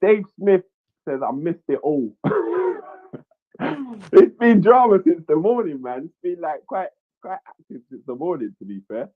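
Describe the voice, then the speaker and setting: A man's voice: sits high, very animated, a little slow, no room sound, phone-quality sound. A man hosting a casual livestream, reading viewers' messages aloud and repeating his own phrases. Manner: reads chat aloud, repeats himself, chuckles. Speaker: livestream host.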